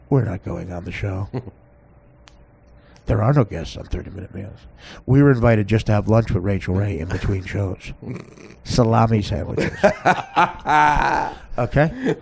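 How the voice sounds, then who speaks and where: A man's voice: lowish voice, lively intonation, slow, creaky, long pauses, a little hiss or hum. A podcast host telling a comic story in a rambling way, often laughing at his own tale.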